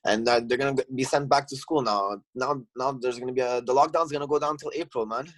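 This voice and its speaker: A man's voice: mid-range voice, fast, no room sound, low-quality recording. Guy ranting on a podcast, swears a lot, dry close sound. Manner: heated, swears often, many restarts. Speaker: podcast guest, gym owner. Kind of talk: casual chat.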